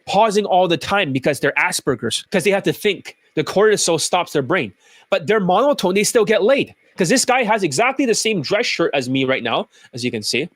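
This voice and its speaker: High-voiced, profane ranting man. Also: lively intonation, a little fast, a bit bright, no echo. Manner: profane, mocking, mimics others' voices. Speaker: dating coach. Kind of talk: ranting video commentary.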